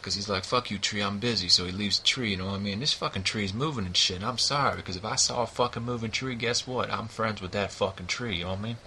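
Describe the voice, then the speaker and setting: A man's voice: on the low side, fast, few pauses, pushed and bright, a little hiss or hum. A man giving a rambling, profane book review, peppering nearly every line with "you know what I mean.".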